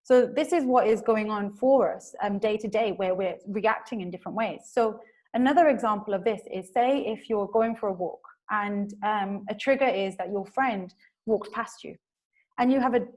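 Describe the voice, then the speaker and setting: A woman presents a webinar in a relaxed, conversational way, and her voice sits at a middling pitch. She explains step by step with frequent fillers. She sometimes slips into quick acted voices to show how people react. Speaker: webinar presenter on emotions in business.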